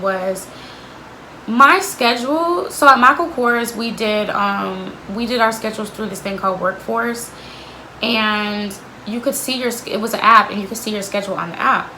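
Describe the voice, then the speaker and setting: Bright-voiced young woman telling a blunt storytime. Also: a little high, a little hiss or hum, rough recording. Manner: candid, blunt, swears, lots of "like" fillers. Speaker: vlogger. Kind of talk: storytime vlog.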